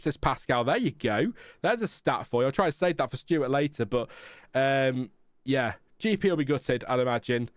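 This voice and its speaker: A man's voice: mid-range voice, clean tone, no room sound, clean studio sound. A man hosting a casual live watchalong stream, chatting frankly and rambling with fillers. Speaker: livestream host.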